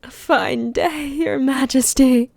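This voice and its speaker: A woman voicing a pompous, moralizing old Duchess in a whispered role-play, lecturing in a slow, drawn-out way. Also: high-pitched, fairly even intonation, vocal fry, a little mellow, no echo, exaggerated voice. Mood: fawning.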